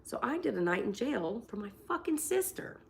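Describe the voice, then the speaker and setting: Very animated at a normal speed, her fairly high-pitched voice is creaky, with slight background noise. She's a forties-age livestream host from Florida who has a cold, sharing crude, no-nonsense stories and mimicking the people in them.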